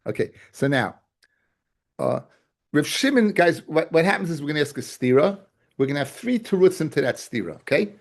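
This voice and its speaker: A man's voice: on the high side, very animated, brisk, gravelly. A man teaching a Talmud class, repeating key points and often asking his students whether they follow. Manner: keeps checking his class understands, calls them guys and fellas; repeats key phrases and restarts to drive points home. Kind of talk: Talmud study lecture.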